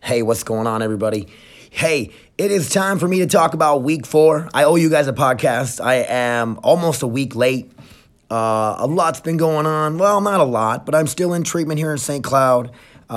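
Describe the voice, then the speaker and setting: Energetic, profane man hosting a podcast. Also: mid-range voice. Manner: blunt, profane, energetic then reflective. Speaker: podcast host. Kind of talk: casual solo podcast talk.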